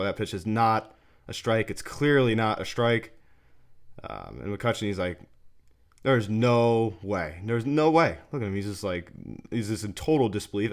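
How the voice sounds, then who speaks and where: Exasperated man breaking down game replays. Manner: exasperated and repetitive, pitch swinging up in disbelief. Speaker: host of a fan sports channel.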